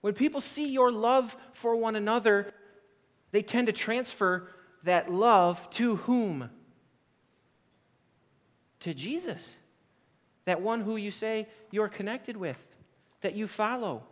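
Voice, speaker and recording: Male preacher with a high voice, relaxed and conversational, recorded in a big echoing church hall. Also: takes it slowly, long pauses. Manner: conversational storytelling, frequent "like" and "right?". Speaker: pastor. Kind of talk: sermon.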